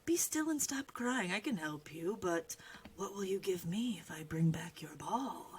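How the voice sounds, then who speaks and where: A woman voicing a sly male frog in a well who coaxes a princess into a bargain, speaking softly and quietly. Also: lowish voice, lively intonation, measured pace, slight background noise. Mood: coaxing.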